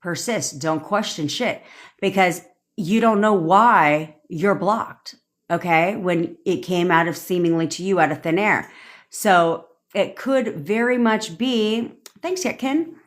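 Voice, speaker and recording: A woman's voice: on the low side, slow pace. A woman manifestation coach on a livestream, ranting bluntly with swearing and acting out quoted lines. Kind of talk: livestream rant.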